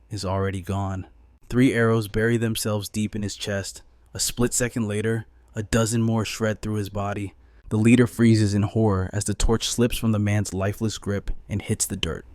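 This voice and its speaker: Male recap narrator, lowish, dry close sound, dramatic and urgent. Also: a little mellow, dry recording.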